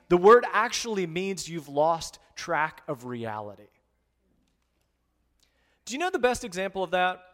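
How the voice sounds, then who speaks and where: A man preaching a conversational sermon as pastor, swinging between hushed and loud. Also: sits high, long reverb tail.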